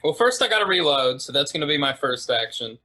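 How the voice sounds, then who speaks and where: Bright, lively man at the game table. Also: a little high, quick pace, soft background music. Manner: short, upbeat remarks. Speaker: player. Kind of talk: casual tabletop play.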